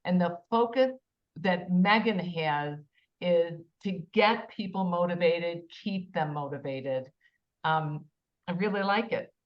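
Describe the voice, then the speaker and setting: Woman, talk show host, chatty, enthusiastic, lowish voice, dull lo-fi call audio. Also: slow. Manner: enthusiastic, chatty, spells words out. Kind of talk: casual panel discussion. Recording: slightly muffled lo-fi audio.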